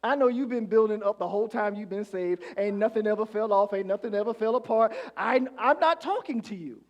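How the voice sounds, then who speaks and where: A man preaching a sermon as pastor, calling on the congregation to answer back and swinging from hushed lines to shouts. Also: sits high, fairly quick, dull audio.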